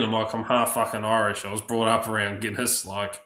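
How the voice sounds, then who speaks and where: A man telling profane, lively stories on a livestream, acting out the other people's lines. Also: on the low side, fairly quick. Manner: profane, animated anecdotes acting out other voices. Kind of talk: casual storytelling on a livestream. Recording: roomy echo.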